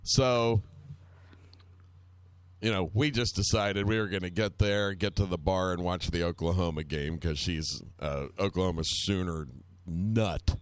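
Brief: male storyteller, deep voice, close and dry sound, loose and rambling with casual cursing. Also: measured pace, clear, resonant tone, dry recording. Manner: rambling, profane, wry anecdote telling.

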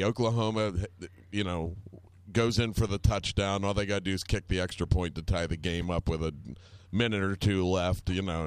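A man's voice: low-pitched, smooth, no echo. A man telling a long, rambling anecdote in casual chat, wry and full of swearing.

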